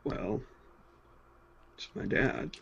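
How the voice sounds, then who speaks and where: A man voicing his tabletop character, a stubborn, honor-bound adventurer held in a cell, speaking calmly and matter-of-factly. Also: drawn-out words. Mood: steady. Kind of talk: in-character tabletop role-play. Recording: dull lo-fi mic with faint hiss.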